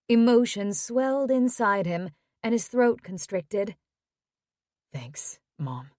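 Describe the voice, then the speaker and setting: A woman narrating a romance audiobook in a measured, even reading. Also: mid-range voice, no room sound, clean studio sound.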